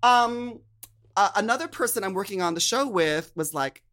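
A man co-hosting a podcast, telling stories in a campy, animated casual way. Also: high-pitched, moderate pace. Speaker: podcast co-host. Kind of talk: casual chat.

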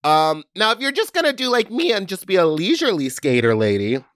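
A man co-hosting a podcast, telling stories in an animated, chatty way. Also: high voice, a little fast, no echo, clean studio sound. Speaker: podcast co-host. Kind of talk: casual chat, storytelling.

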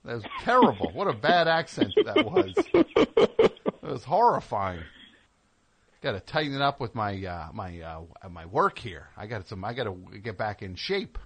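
Animated, joking male radio host. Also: mid-range voice, unhurried. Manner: joking, rambling tangents, teasing. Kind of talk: comedic call-in radio banter.

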